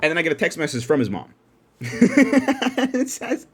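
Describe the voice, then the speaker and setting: A young man hosting a podcast from his dark room at home, telling a story in an animated, profane way and laughing often. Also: fairly high pitch, measured pace, breathy edge. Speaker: podcast host. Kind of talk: casual storytelling.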